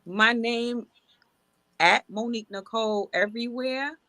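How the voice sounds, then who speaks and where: A woman's voice: a little high, unhurried, pushed and bright, no room sound. A woman in her forties, a singer guest on a podcast, talking in a friendly, upbeat way. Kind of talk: casual interview chat.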